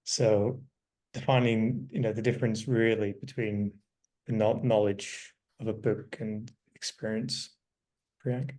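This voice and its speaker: A man's voice: lowish voice, steady tone, unhurried, a little mellow. A man hosting a book discussion podcast, talking thoughtfully with frequent fillers and restarts. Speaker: podcast host.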